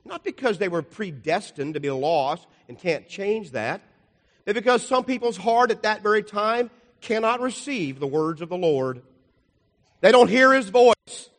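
A man's voice: high voice, animated, moderate pace. Older man preaching in an echoing hall. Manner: folksy and rambling, with jokes and asides. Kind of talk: sermon with slide illustrations. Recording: long hall reverb.

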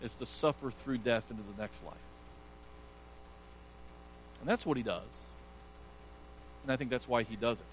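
A man's voice: mid-range voice, fairly bright tone, a little hiss or hum, poor audio. A male pastor preaching an earnest sermon, emphatic and sometimes stumbling over restarts.

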